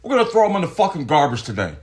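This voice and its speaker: A man putting on the voice of a blunt, furious middle-aged fight promoter who shouts and curses in indignation. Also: fairly high pitch, wildly swooping pitch, racing, pitched above the performer's own voice. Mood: defiant.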